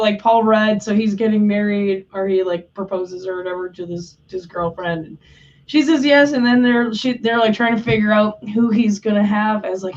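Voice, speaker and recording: A woman's voice: medium pitch, darkish tone. A woman co-hosting a live stream, chatting casually, swearing freely and filling her talk with "like". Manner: chatty, swears, lots of "like" fillers. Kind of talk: casual chat. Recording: distant, dull lo-fi mic.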